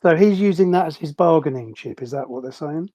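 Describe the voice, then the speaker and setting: A man's voice: a little high, fairly quick, dark tone, no room sound, dull audio. A man playing a tabletop game over voice chat, easygoing and decisive. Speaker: player.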